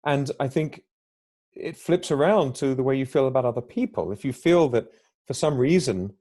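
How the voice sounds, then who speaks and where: A man with a mellow, warm voice talks at length on a podcast. He is reflective and explains his ideas in a conversational way, now and then acting out little quoted exchanges. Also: mid-range voice, normal speed. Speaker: podcast guest.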